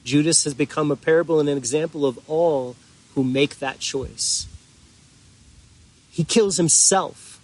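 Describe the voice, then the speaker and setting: Male pastor, sermon delivery, unhurried and earnest, a touch higher-pitched. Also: a little mellow. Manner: slow, earnest preaching with drawn-out emphatic pauses.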